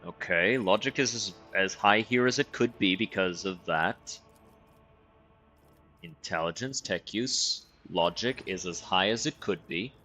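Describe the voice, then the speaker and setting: A man's voice: low-pitched, unhurried, bright, forceful tone, soft background music. Wry, cursing man streaming a game. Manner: profane, wry, reads game text aloud. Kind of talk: casual let's-play commentary.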